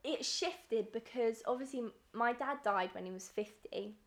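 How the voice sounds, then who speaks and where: A woman in her twenties from southern England, co-hosting a podcast in casual chat, chatty and quick to laugh. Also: on the high side. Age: 20s. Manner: chatty, laughs often, trails off mid-sentence. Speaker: podcast co-host.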